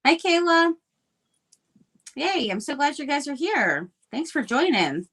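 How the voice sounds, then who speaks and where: A woman's voice: high voice, very animated, unhurried, a bit bright. A cheerful woman hosting a live crafting stream, talking casually while she works with clay. She is chatty and upbeat, with plenty of ums and restarts. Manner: chatty, upbeat, lots of fillers. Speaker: craft livestream host.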